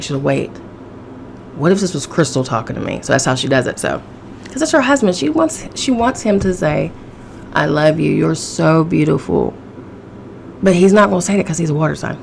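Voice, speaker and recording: A woman's voice: low voice, gravelly, slight background noise. A woman hosting a casual solo podcast, sassy and profane, laughing often, with a chesty cough. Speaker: podcast host.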